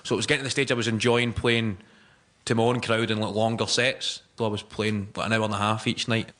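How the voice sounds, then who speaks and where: A man's voice: fairly low pitch, level tone, fast talker, fairly bright tone. A Scottish man, a stand-up comedian, chatting and joking in an interview. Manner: chatty, joking, laughs often. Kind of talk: casual interview chat. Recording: noisy recording with clicks.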